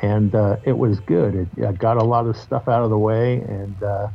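A man with a low, husky voice talks as a podcast guest, candid and reflective, cursing casually as he opens up. The sound is muffled and lo-fi. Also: fairly even intonation, normal speed, soft background music. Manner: candid, reflective, loose and swearing. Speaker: guest musician. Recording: muffled lo-fi audio.

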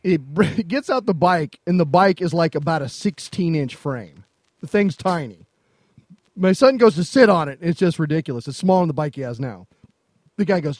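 A man with a high-pitched voice tells a rambling personal story on a podcast. He acts out both sides of the conversation and laughs along the way. Faint music plays underneath. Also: moderate pace. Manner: animated anecdote, mimics other people's lines, laughs often. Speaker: podcast co-host. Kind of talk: casual storytelling.

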